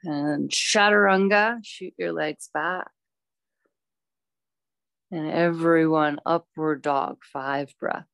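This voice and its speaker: A woman teaching a yoga class, calmly cueing poses and breaths with chatty asides. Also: low-pitched, slow pace, vocal fry, long pauses, no room sound. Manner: calm, instructive, chatty asides.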